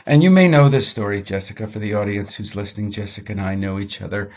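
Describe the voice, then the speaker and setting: A middle-aged man, a guest on an interview show, telling a personal story in an animated way. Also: on the low side, fast. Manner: animated storyteller, acts out quoted voices.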